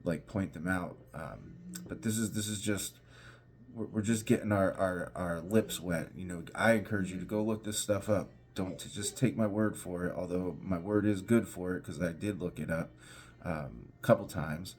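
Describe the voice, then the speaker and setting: A pastor teaching an informal devotional, talking conversationally with restarts and emphatic repetition. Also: male voice, low-pitched, normal speed, slight background noise.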